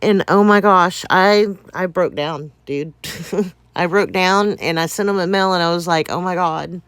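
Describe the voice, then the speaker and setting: A woman recounts a story at an unhurried pace, full of fillers, laughter and casual swearing. Her voice is smooth and clean, recorded dry and close. She sounds a little out of breath. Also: lowish voice, fairly even intonation, a bit bright, no echo. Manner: rambling, many fillers, laughs often, candid swearing. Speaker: game community member recounting events.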